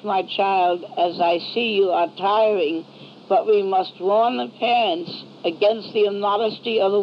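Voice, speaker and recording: A woman voicing a gentle heavenly mother figure who speaks in slow, solemn, measured pronouncements. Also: medium pitch, slight background noise. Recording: dull lo-fi old recording.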